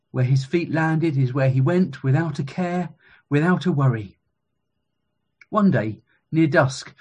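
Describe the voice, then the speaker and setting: Husky-voiced preacher telling a story. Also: male voice, on the high side, darkish tone. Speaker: preacher, former school chaplain. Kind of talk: sermon with storytelling.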